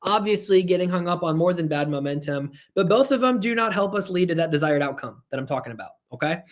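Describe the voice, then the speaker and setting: Speaking quickly and expressively in a somewhat high voice, a man runs a live online sales training. He is energetic, drives his points home through repetition, and chats with viewers along the way.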